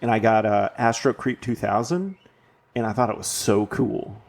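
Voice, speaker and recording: A man's voice: on the low side, normal speed. A man in his forties co-hosting a podcast, chatting in a laid-back, rambling way. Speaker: podcast co-host. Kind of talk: casual chat.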